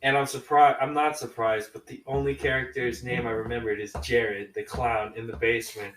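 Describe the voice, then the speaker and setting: A man recapping a horror movie in a loose, rambling way, full of restarts and "man." His voice sits at an ordinary pitch. The room is echoey and he is a little distant from the mic. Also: level tone, normal speed, a bit bright. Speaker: podcast co-host reviewing movies.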